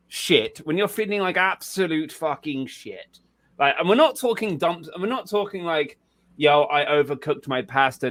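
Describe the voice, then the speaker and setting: A man's voice: a little high, fairly bright tone. Chatty man hosting a podcast, swearing freely. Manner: casual, swears freely, repeats words. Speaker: podcast host. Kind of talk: casual podcast chat.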